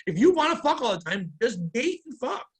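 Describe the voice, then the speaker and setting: A man's voice: very high-pitched, big pitch swings, a little fast, breathy edge. A man in his forties co-hosting a podcast, telling long, rambling, profane stories in casual chat. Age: 40s. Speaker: podcast co-host, comedian.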